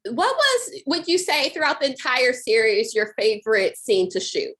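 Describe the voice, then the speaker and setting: A woman's voice: high-pitched, very animated, normal speed, a bit bright. A young woman interviewing an actress, asking upbeat questions peppered with "like" and "kind of.". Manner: upbeat, filler-laden, "like" and "kind of".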